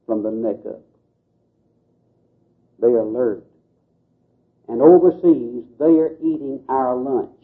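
A man giving an earnest, preacherly talk to a group, with folksy asides. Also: mid-range voice. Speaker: Baptist missions speaker. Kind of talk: lecture to a group. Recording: tinny phone-like old tape recording.

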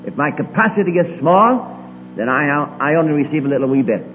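A man preaching in a large hall, his fairly high voice leaping and dropping as he stresses each point. The recording is tinny and lo-fi, with a long reverb and a faint hum underneath. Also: big pitch swings, brisk. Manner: swings between emphatic rises and quiet low asides. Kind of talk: sermon.

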